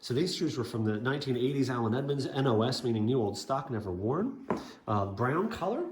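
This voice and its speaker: A man's voice: mid-range voice, lively intonation, brisk, darkish tone, echoey room. A man chatting casually about his shoe collection, rambling with lots of fillers and asides. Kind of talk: casual show-and-tell vlog.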